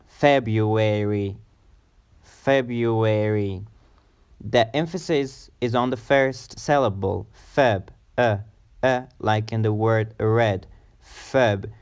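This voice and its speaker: A man teaching English pronunciation, saying each word slowly and repeating it for learners. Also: medium pitch, smooth. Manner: slow, deliberate, repeats words for learners. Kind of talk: pronunciation lesson.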